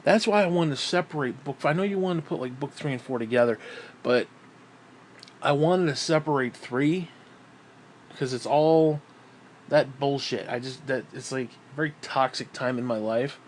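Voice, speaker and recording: At a moderate pace and medium pitch, a writer muses about his books in a casual, rambling way. Swearing and frequent fillers run through his talk, and a bit of background noise can be heard.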